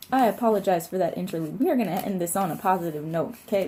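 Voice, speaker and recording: A woman's voice: on the low side, fast talker, few pauses, background noise. A woman reading tarot cards in a casual vlog, talking in a heartfelt, encouraging, chatty way. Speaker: tarot reader.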